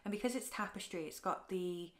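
A woman talks through her craft projects in a casual home vlog. Her voice sits a little low, and her delivery is soft and tender, with frequent ums and halting restarts. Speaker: craft vlogger. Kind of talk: casual show-and-tell vlog.

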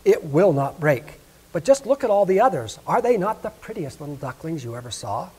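Fussy mother duck, proud, fretful, scolding, pitched up, husky, voiced by a man. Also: sing-song, fairly quick, mellow. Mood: fussing.

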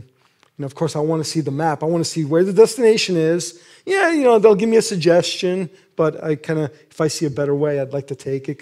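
A man's voice: a little high, darkish tone. A middle-aged male preacher giving a casual sermon, acting out scenes and laughing often.

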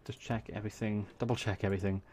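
Low-voiced Welsh man planning game moves. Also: level tone, quick pace, a little mellow, slight background noise. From Wales. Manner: casual, thinks aloud, swears when surprised. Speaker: gaming YouTuber. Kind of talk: strategy game commentary. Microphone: desk USB microphone.

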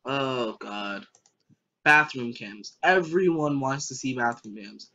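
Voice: mid-range voice, slow, pushed and bright. A young adult gamer giving let's play commentary, joking, rambling and talking back at the game on screen. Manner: jokey, rambling, talks to the game. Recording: dull lo-fi recording.

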